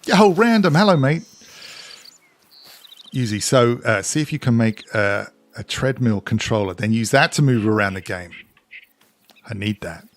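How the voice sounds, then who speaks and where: A man's voice: lowish voice, moderate pace, dry recording. A man from England with a mix of English and Scottish accent, chatting casually with viewers on a live game stream. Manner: chatty, reads out and answers chat while playing.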